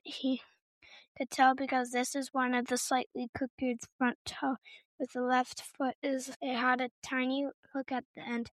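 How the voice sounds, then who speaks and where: A woman reads a children's story aloud in a steady, unhurried way, now and then tripping on a word. Her voice is high and stays level with little melody. The recording is close and dry, with no room sound. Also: no room sound. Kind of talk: storybook narration.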